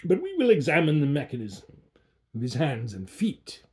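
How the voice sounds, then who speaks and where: A man's voice: fairly high pitch, huge pitch swings, moderate pace. A man voicing a cruel, gloating old male alchemist in a storybook reading, with a harsh, grating voice that hisses and lisps. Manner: hissing, lisping, roaring at times.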